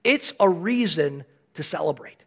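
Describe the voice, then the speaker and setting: An older man preaches in a casual, storytelling way, asking his congregation one question after another. His voice sits high and swings widely in pitch. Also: animated, a little slow, gravelly, a bit bright, husky. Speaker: pastor. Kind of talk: sermon.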